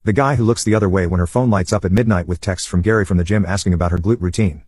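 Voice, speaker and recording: A man's voice: sits low, racing, a little mellow, slightly rough, no echo, clean studio sound. A man narrating an online story in a wry, sardonic scripted tone.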